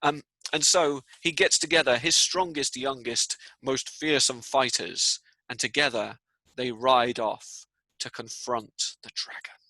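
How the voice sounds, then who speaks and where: A man telling a story to children in a live lesson, playful and animated, dropping to a hush for the tense parts. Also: mid-range voice, measured pace, no echo, low-quality recording. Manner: playful, animated storyteller who drops to hushed tones. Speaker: teacher reading out children's comments.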